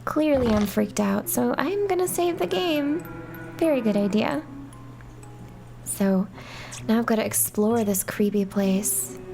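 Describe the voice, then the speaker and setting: A woman's voice: a little high, a little slow, vocal fry, long pauses, a little mellow, faint music behind. A woman hosting a let's-play, chatting and joking her way through a horror game. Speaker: gaming channel host. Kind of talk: playful let's-play commentary.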